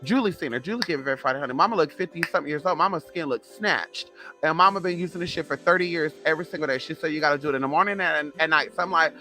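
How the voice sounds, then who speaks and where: A woman in her thirties telling a sassy, profane storytime in casual vlog chat, animated and gossipy. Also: deep voice, rapid-fire, soft background music. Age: 30s. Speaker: vlogger.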